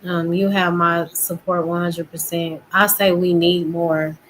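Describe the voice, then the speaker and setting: A woman's voice: lowish voice, little pitch movement, measured pace, slight background noise, low-quality recording. A woman in casual live-stream chat, offering short, supportive agreements.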